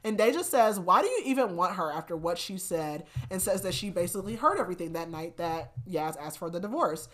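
A woman hosting a podcast, casually retelling a novel's plot with animated quoted dialogue and frequent laughs. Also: fairly low pitch, a little fast, hardly any pauses. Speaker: podcast host. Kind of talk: casual book recap chat.

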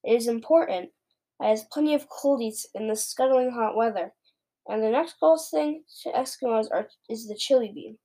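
A woman reading aloud and voicing a huge, greedy, man-eating male giant who talks loudly and sneers. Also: fairly high pitch, normal speed. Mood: bullying. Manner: loud, sneering and bullying.

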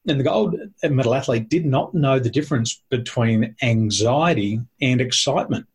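A man's voice: mid-range voice, moderate pace, breathy edge. A man talking with a host, explaining points in a teacherly, emphatic way and listing them one by one. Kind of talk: conversational explaining.

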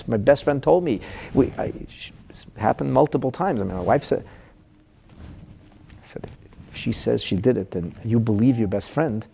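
A man's voice: on the low side, vocal fry, warm tone, slightly rough. A middle-aged man teaching a Talmud class as a rabbi, telling a painful counseling story in an earnest, emotional way.

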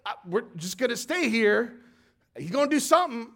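A man preaching who acts out a nervous male leader urging his people to hold steady, with halting restarts. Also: very high-pitched, creaky, exaggerated voice. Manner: urging calm, hesitant restarts.

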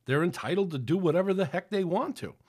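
A man preaches on a podcast in a loose, conversational style, rambling and restarting often and acting out quotes. His voice is high-pitched, expressive and fast, a little mellow, with a husky edge. It's sermon-style podcast talk.

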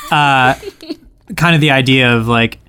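A man's voice: medium pitch, a little slow, pushed and bright, smooth. A man in casual chat, talking in a reflective, rambling way with many fillers.

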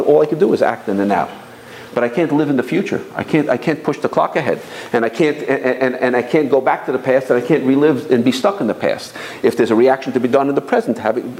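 A middle-aged man giving an informal Torah lecture, animated, often repeating words as he goes. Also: fairly high pitch, rough recording. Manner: animated, repeats words, mixes Hebrew and Yiddish terms. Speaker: rabbi giving a Torah class.

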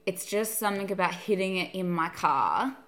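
A woman's voice: mid-range voice, expressive, moderate pace, a bit bright. Chatty woman, laughing often. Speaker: podcast co-host. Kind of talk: casual chat.

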